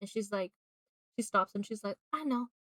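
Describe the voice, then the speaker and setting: A woman streamer chatting at home, retelling a movie in a loose, rambling way and leaning on "like" in nearly every phrase. Her voice sits at an ordinary middle pitch. The sound is dry and close, with no room around it. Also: little pitch movement, moderate pace, pushed and bright, no room sound. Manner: rambling, constant filler "like", breaks into laughter. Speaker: live streamer. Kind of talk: casual chat recapping a movie while drawing.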